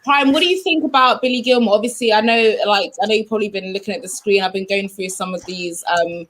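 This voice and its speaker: A woman co-hosting a casual football chat, upbeat, reading out stats and shout-outs. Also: medium pitch, fast talker, a little hiss or hum.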